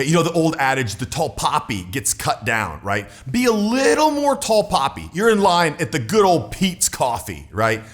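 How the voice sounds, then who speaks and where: A man in his forties giving casual coaching talk straight to the viewer, animated and emphatic. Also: on the high side. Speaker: social skills coach.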